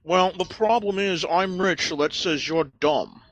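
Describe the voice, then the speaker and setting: A man voicing a pompous, snobbish rich duck gentleman who talks down to everyone with hesitations, in an improvised comedy chat. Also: high voice, unhurried, no echo, highs cut off, voice pushed up. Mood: smug. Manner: pompous, condescending drawl with frequent hesitations.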